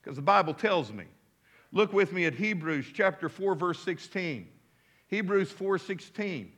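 A pastor delivers his sermon in church with a high-pitched, expressive voice that is a little slow and somewhat bright. He preaches emphatically, draws responses from the congregation, and slips in offhand remarks.

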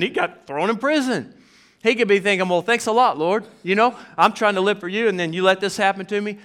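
A man with a Southern US accent preaching a sermon in a church, telling stories animatedly and acting out the quotes. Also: a little high. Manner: animated storyteller, acts out quotes. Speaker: pastor.

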